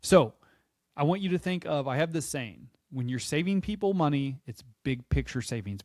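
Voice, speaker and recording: A man's voice: on the high side, lively intonation, normal speed, no room sound, studio quality. A man teaching a sales lesson, talking with energy and acting out sales calls. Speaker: sales trainer.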